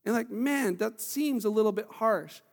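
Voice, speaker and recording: Male pastor, high-pitched and lively, casual restarts, preaching in a reverberant church hall. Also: moderate pace, vocal fry. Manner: animated, acts out quoted voices; conversational with frequent restarts. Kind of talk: sermon.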